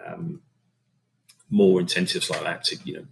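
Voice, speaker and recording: Deep voiced guy, middle aged, runs a catering firm, rambly with lots of ums, bit of hiss behind. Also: moderate pace, creaky, low-quality recording. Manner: relaxed, rambling, many fillers and restarts. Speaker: catering business owner. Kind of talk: casual interview talk.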